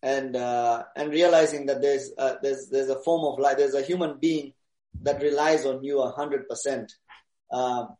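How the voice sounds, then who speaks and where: A man answering interview questions in a casual, relaxed way, pausing often with fillers. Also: medium pitch, echoey room. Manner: relaxed, hesitant with many fillers. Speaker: interview guest, DJ.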